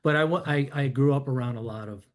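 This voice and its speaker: A fast-talking man of medium pitch, from New York and in his fifties, opens up about his life as a podcast guest. He reflects at length in a wandering style, leaning on "you know" and "I'm like."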